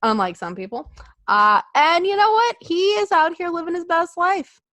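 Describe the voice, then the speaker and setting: A woman co-hosting a casual wrestling podcast, animated and laughing, acting out others' lines in jokey voices. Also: very high voice, normal speed, no room sound. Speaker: podcast co-host.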